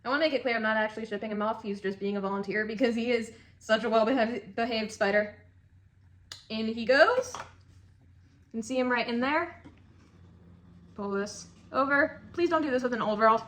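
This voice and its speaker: A woman's voice: fairly high pitch, normal speed, pauses often, fairly bright tone. A young woman keeping tarantulas, giving a casual, chatty how-to tutorial with emphatic points and cooing asides. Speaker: tarantula keeper demonstrating shipping.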